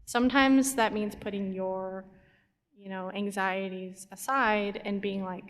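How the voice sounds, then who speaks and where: A woman's voice: medium pitch, steady tone, measured pace. A woman on a convention panel talking casually, chatty and giggly, with plenty of fillers. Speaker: animator and YouTuber on a panel. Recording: long reverb of a convention hall.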